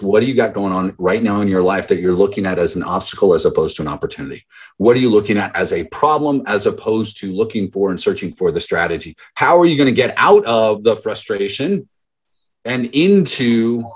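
A man's voice: on the low side, slightly rough. A man in his thirties, a business mentor, telling stories in a motivational talk to a group call and acting out the voices of the people he quotes. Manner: storytelling, acts out quoted voices.

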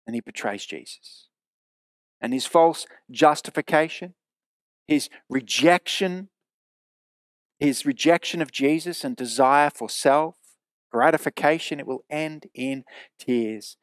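Male preacher, fairly high voice, dry close sound, earnest and emphatic sermon delivery. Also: animated, no echo. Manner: earnest, emphatic, with slowed repeated phrases. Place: church.

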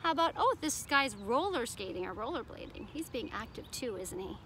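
Female preschool teacher, high bright voice, sing-song storybook reading with questions to kids. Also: very animated, brisk, slight background noise. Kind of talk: reading a picture book aloud to children.

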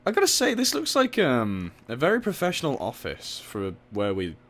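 A man's voice: medium pitch, huge pitch swings, normal speed, a bit bright. A man giving rambling, jokey commentary while playing a video game. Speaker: let's play host. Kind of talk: gameplay commentary.

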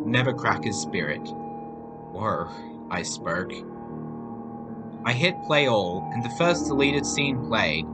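A man narrating a homemade horror story aloud. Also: medium pitch. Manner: reading aloud, animated. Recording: faint music behind voice.

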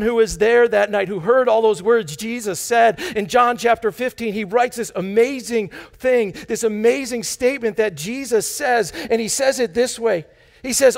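High-voiced guy preaching a sermon, gravelly, excitable, jokes with the crowd, stumbles and restarts a lot. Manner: enthusiastic, bursts out with loud exclamations; chatty asides and joking with the congregation. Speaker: pastor. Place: church sanctuary.

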